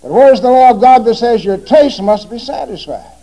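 A man's voice: very high-pitched, expressive, moderate pace, hardly any pauses, dark tone, rough recording. A man giving a formal religious debate speech, pressing his opponent with repeated rhetorical questions.

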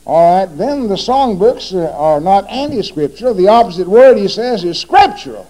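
A man's voice: high-pitched, very animated, moderate pace, dark tone, rough recording. A man giving a formal religious debate speech, pressing his opponent with repeated rhetorical questions.

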